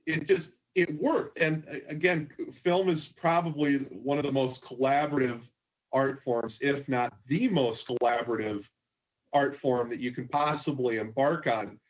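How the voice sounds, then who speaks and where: A man's voice: medium pitch, unhurried. A man hosting a convention panel, telling an on-set story with quoted dialogue. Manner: animated anecdote, quotes others. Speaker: panel host, filmmaker. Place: convention stage. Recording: dull lo-fi panel recording.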